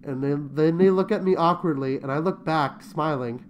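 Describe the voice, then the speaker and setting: A man's voice: fairly high pitch, normal speed, a little hiss or hum. A man hosting a casual online interview, joking around and breaking into sung lines. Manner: playful, joking, bursts into sung lines and laughter. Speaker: host. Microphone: remote call.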